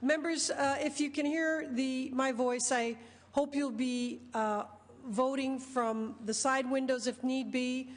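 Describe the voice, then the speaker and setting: A woman presiding over a legislative session, speaking in brisk procedural phrases. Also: high voice, steady tone. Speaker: presiding officer. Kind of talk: chairing a session. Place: legislative chamber. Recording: long reverb of a large chamber.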